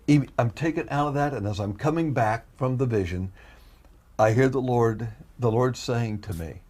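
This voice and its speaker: A man giving an emotional testimony as a guest, animated and repeating himself as he acts out his own prayers. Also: medium pitch, moderate pace. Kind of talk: emotional storytelling.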